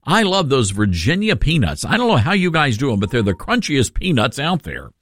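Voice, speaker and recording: Host a lively Tennessee-accented radio host. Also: male voice, medium pitch, fairly quick, no room sound. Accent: Tennessee Southern. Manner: chatty, upbeat, laughs often. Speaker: radio talk show host. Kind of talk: call-in radio chat.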